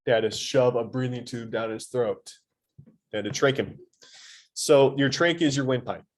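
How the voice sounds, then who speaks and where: A man teaching a high school anatomy lesson in a classroom, quizzing his students and adding playful asides. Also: moderate pace. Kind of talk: classroom lecture.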